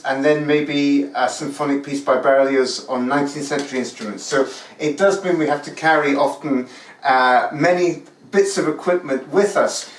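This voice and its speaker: A man, an orchestral musician and course tutor, leads a casual online talk with friendly questions. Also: fairly high pitch. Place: room in rural France. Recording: roomy, distant mic.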